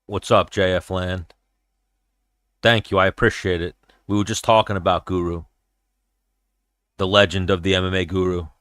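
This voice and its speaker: Blunt, bright-toned man hosting a chat. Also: deep voice, level tone, moderate pace, pauses often, no room sound. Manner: blunt, profane, rambling. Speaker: podcast host. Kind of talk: casual livestream chat while watching fights.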